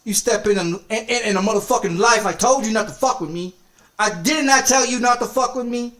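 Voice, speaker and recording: A man's voice: high voice, fairly quick, a bit bright. Man, game streamer, angry rant, nonstop cursing, threatening, repetitive.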